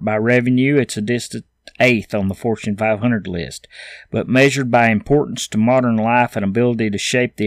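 A man hosting a podcast, reading news stories aloud and adding his own opinions in a casual, halting way with fillers and restarts. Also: mid-range voice, no echo, clean studio sound. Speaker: podcast host.

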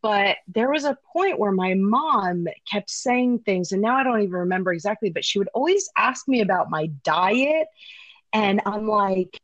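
A woman's voice: medium pitch, animated, normal speed, no room sound. A young woman chatting openly in a podcast-style conversation, her voice close and dry with little room sound. She talks candidly, drops casual swears and leans on fillers as she goes. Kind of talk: casual chat.

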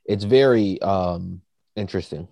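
A man's voice: low-pitched, unhurried, vocal fry, dark tone, dry recording. A man casually chatting as a podcast co-host, rambling with lots of fillers. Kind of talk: casual chat.

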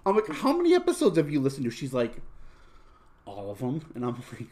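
A man's voice: medium pitch, huge pitch swings, fairly quick, dark tone. A young man hosting a podcast, telling crude stories in casual chat, full of swearing and fillers. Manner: crude, profane storytelling with lots of fillers. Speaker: podcast host.

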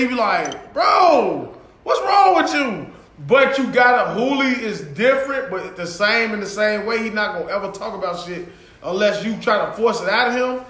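A man co-hosting a podcast, telling animated stories in casual chat, acting out what people said and laughing often. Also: extremely high pitch, echoey room. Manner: animated storytelling with acted-out quotes and frequent laughter. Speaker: podcast co-host.

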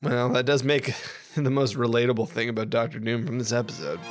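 A man's voice: mid-range voice, steady tone, fairly quick, soft background music. A man co-hosting a podcast in casual chat, ranting sarcastically with lots of swearing and acting out characters' lines. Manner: acts out character voices. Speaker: podcast co-host.

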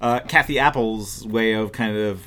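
A man's voice: on the low side, normal speed, fairly bright tone. A man co-hosting a casual book-discussion podcast, rambling with lots of fillers and reading passages aloud. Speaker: podcast co-host.

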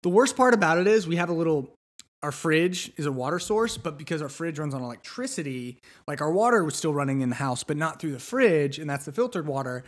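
A man's voice: a little high, animated, a little fast. A man hosting a podcast alone, talking in a loose, rambling way with frequent restarts and asides. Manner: rambling, conversational, many restarts and fillers. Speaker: podcast host. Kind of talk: solo podcast monologue.

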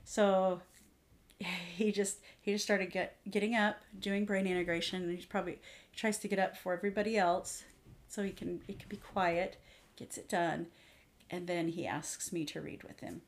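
A woman's voice: fairly low pitch, moderate pace. A woman in her forties chatting casually as a co-host, telling stories and acting out her children's voices. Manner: animated storyteller, acts out her kids' voices. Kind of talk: casual chat.

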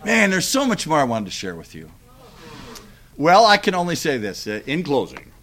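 A middle-aged man preaching a sermon, telling a story with lively acted-out dialogue. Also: on the high side, normal speed, background noise.

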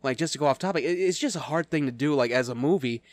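A man's voice: fairly high pitch, quick pace, dry recording. A man co-hosting a podcast in casual chat, stammering and laughing often. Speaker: podcast co-host.

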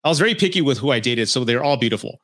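A man's voice: mid-range voice, lively intonation, rapid-fire, a bit bright. A man hosting a podcast, telling frank personal stories in a blunt, profane, casual way. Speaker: podcast host.

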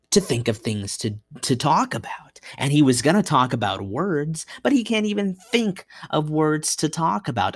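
A man's voice: mid-range voice, no echo, clean studio sound. A young man hosting a solo podcast, rambling and self-mocking, with frequent restarts and asides. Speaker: podcast host.

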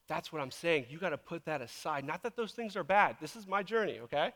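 A man's voice: fairly high pitch, lively intonation, fairly quick, a bit bright. A man preaching as a pastor in a church, talking in an earnest, emotional and casual way full of fillers. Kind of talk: conversational sermon. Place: church sanctuary. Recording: long reverb of a large hall.

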